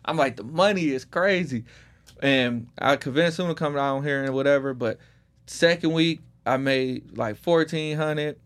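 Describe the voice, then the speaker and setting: A man in his thirties from Detroit tells his story on a podcast, easygoing and full of street slang. His pitch sits in the middle for a man. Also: normal speed, clear, resonant tone. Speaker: guest. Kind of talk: casual podcast conversation.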